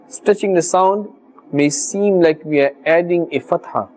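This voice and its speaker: A man teaching Quran recitation on a televised religious lesson, speaking formally and earnestly and sounding out letters slowly and carefully. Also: fairly high pitch, lively intonation, a little mellow.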